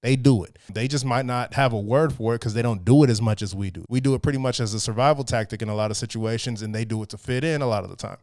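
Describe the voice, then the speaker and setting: A man's voice: mid-range voice, a little mellow, dry recording, clean studio sound. A young man from Texas, giving casual, blunt and profane commentary. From Texas, USA. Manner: blunt and profane, drawn-out asides.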